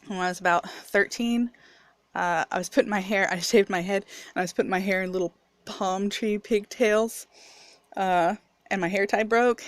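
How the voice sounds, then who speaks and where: A woman's voice: mid-range voice, a bit bright, no room sound. Candid chatty woman with a mixed accent. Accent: mixed picked-up accent. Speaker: video reviewer. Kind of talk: casual personal vlog.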